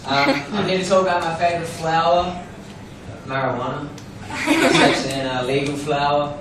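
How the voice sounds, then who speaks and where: High-voiced comic in an echoey club. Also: male voice, normal speed. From Australia. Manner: rambling, self-deprecating, swears freely. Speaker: stand-up comedian. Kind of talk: open mic stand-up. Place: comedy club stage. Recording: roomy distant club recording, noisy.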